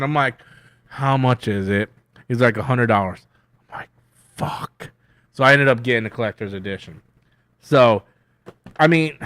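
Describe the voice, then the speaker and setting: A man hosting a casual livestream, rambling loosely with lots of swearing and self-mockery, swinging between loud bursts and mumbled asides. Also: medium pitch, dry recording, studio quality. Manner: loose, profane, self-mocking, riffs and hums to himself. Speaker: YouTube host answering viewer questions.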